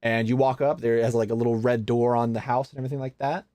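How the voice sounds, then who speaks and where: A man's voice: mid-range voice, little pitch movement, quick pace, mellow, no room sound. A young man narrating as game master of a tabletop role-playing game, casual, with many fillers and frequent laughs.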